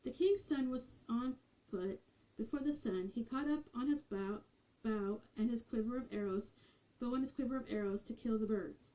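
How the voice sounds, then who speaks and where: A woman reads a fairy tale aloud in a measured, expressive way. Her voice is mellow and fairly high in pitch, suited to storybook narration. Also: rough recording.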